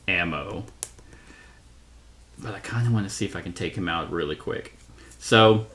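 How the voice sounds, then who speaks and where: A man's voice: on the low side, fairly bright tone, a little hiss or hum. A man playing a solo card game on his own, thinking aloud as he goes, reading card text and correcting himself along the way. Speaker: board game reviewer. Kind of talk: solo tabletop playthrough.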